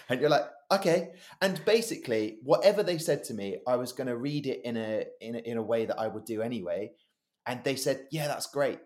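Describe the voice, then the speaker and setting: A voice-over artist co-hosting a podcast tells stories in casual chat, with a mid-range voice at a moderate pace. He's a lively storyteller who acts out the lines he quotes.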